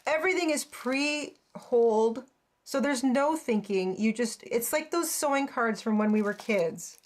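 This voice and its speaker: Higher-voiced woman gushing thru a craft kit unboxing, lots of oh my goshes n little laughs. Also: unhurried, slight background noise. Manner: gushing, exclaims often, frequent little laughs. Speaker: crafting channel host. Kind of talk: casual unboxing chat.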